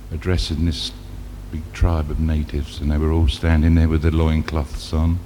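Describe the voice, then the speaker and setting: A man's voice: deep voice, darkish tone, slight background noise. A man on stage doing chatty patter and telling a story between songs. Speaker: singer and stage entertainer. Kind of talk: live stage patter with jokes and song snippets. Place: stage in a concert venue. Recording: live hall with long reverb.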